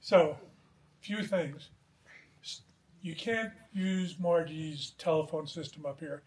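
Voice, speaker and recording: A man's voice: on the high side, slow pace. A man giving a joking eulogy outdoors at a memorial gathering, telling stories with a chuckle. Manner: chuckling anecdotal storytelling. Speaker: eulogy speaker. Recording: echoey, distant, crowd behind.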